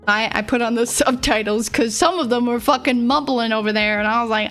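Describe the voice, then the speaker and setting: Her voice is fairly high, fairly bright, and a little quick. In casual livestream chat with faint music behind her, this young woman rambles, giggles, mumbles slightly, and pokes fun at herself.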